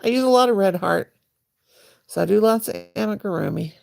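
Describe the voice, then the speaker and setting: A woman's voice: medium pitch, fairly quick, vocal fry. A woman hosting a crochet livestream, chatting to viewers in a rambling, folksy way while she crochets. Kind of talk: casual livestream chat.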